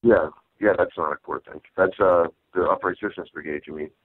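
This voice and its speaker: A very deep-voiced man, a stand-up comedian, chats casually in an interview, hesitating and restarting his sentences. His voice comes through dry and tinny, like a phone line. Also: no echo. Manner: halting, with many restarts and fillers.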